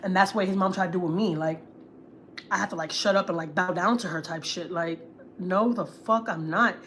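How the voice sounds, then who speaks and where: A woman's voice: fairly low pitch, brisk, fairly bright tone, a little hiss or hum. Blunt, cussing woman venting on a livestream. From Houston, Texas. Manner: blunt, profane, emphatic repetition. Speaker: family vlogger host. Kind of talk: casual livestream rant.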